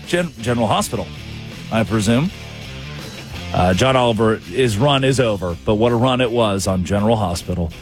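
A man's voice: lowish voice, normal speed, faint music behind. A man hosting a comic sports talk show, telling stories with quoted voices. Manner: animated storytelling with voiced quotes.

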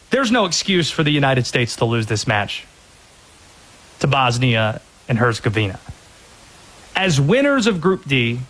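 A man's voice: on the high side, a bit bright. A man hosting a sports show, giving an emphatic, opinionated soccer analysis.

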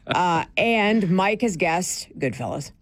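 A woman co-hosting a radio show in casual banter, chatty and quick with asides, laughing easily. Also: lowish voice, lively intonation.

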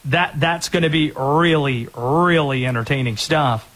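A man hosting a sports talk show, giving energetic, opinionated rundowns of players and teams. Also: fairly high pitch, measured pace, breathy edge.

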